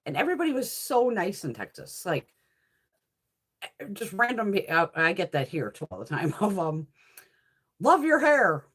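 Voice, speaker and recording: A woman's voice: lowish voice, very animated, normal speed, fairly bright tone, slightly rough. A woman chatting casually while swatching makeup, profane, laughing often and answering viewers' comments. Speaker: beauty haul host.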